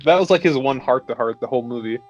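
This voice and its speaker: A man's voice: medium pitch, fast talker, no echo, dull audio. A man co-hosting a casual film review chat over beers, talking in a loose, easygoing way. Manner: relaxed, talks with many "like" fillers. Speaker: podcast co-host.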